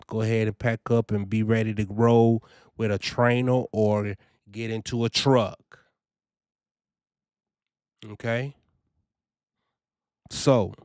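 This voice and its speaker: Chatty man with a smooth voice. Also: mid-range voice, dry recording, studio quality. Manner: animated, chatty, repeats "you know" and "man". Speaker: trucking vlogger. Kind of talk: casual first-person review.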